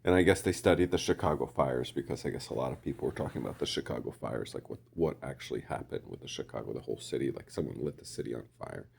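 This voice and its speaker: A man rambling through a casual monologue, often clearing his throat and hesitating. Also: very deep voice, fast talker, hardly any pauses, a little mellow.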